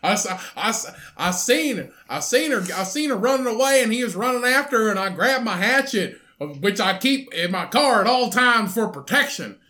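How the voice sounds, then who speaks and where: A man's voice: very high voice, very animated, normal speed, few pauses, sharp tone, voice pushed up, full character voice. A man putting on a Southern accent to play a rambling, stoner-like young male hitchhiker who drawls and repeats himself. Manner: drawling, repetitive, cheerfully menacing.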